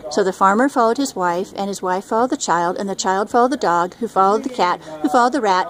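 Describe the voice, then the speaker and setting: A woman's voice: mid-range voice, fast talker, few pauses. Older woman reading a storybook aloud. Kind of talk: reading a picture book aloud. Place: outdoors by a lake.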